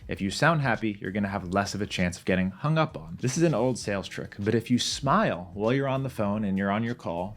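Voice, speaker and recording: A man with a fairly low voice gives a sales lesson. He speaks straight to the viewer in a confident, matter-of-fact way and does not soften his advice. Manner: direct, confident, plain-spoken. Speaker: sales trainer. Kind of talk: instructional talk to camera.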